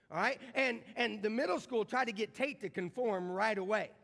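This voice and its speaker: A man's voice: very high voice, a bit bright. A middle-aged man preaching a conversational sermon, often repeating words and putting questions to the congregation. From American Midwest. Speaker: pastor. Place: large church sanctuary. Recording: church livestream with long hall reverb.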